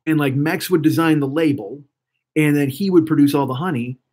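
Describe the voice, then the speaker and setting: A hoarse man in his fifties hosting a live stream, rambling and swearing excitably as he chats with viewers. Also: a little high, fairly quick. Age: 50s. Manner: rambling, profane, excitable, talks to chat. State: hoarse throat. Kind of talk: casual live-stream chat.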